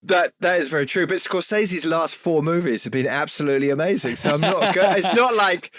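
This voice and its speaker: A man's voice: on the high side, fairly quick, fairly bright tone, no room sound, studio quality. A man, a guest on a film podcast, talking in a wry, self-mocking, hesitant way. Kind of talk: casual chat.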